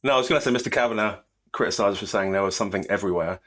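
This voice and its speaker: A man with a very deep voice talks eagerly as a podcast co-host. He strings his points together in long, loose lists. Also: very fast, fairly bright tone. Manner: enthusiastic, summarising in long run-on lists. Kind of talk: casual podcast chat.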